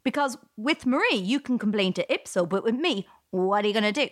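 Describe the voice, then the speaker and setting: A woman's voice: medium pitch, animated, fairly quick. A woman comedian hosting a political podcast, delivering a scripted monologue with a wry, sardonic tone.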